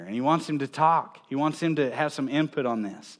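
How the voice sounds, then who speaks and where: A pastor with a mid-range voice and a brisk delivery preaches a conversational sermon in church. He tells stories, chuckles between points, and often checks in with "right?".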